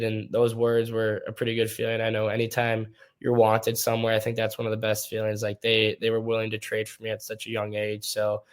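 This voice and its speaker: Flat-voiced young man telling stories. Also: on the low side, brisk, hardly any pauses, smooth. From Minnesota. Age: young adult. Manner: easygoing, rambling storytelling. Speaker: hockey player guest. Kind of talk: casual interview.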